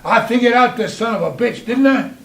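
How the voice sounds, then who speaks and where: A man voicing a rough-talking rural woman in a brash, cussing manner, as part of a told story. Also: very high voice, lively intonation, fairly quick, voice pushed up, full character voice. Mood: defiant. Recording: roomy, mic at a distance.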